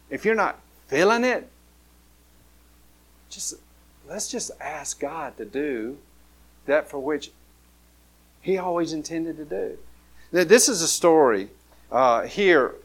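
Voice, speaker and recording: A man delivers a sermon in a chatty, unpolished way. He often restarts and repeats words as he goes. His speaking voice sits a little higher than most men's. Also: a bit bright. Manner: conversational, halting with many restarts and repeated words. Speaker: pastor.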